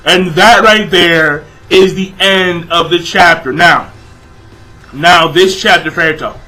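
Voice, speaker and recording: A man's voice: high-pitched, takes it slowly, bright, forceful tone, soft background music, low-quality recording. A young man giving a casual, exasperated review of a manga chapter, swearing constantly and padding his talk with fillers. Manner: profane, exasperated, filler-heavy ranting.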